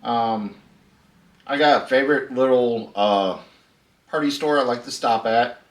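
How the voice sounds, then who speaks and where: A man's voice: medium pitch, a little slow, recorded from a distance. A middle-aged man, hosting a casual storytelling vlog in a laid-back, chatty way and laughing at his own story. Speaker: host. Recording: echoey room, voice a bit off-mic.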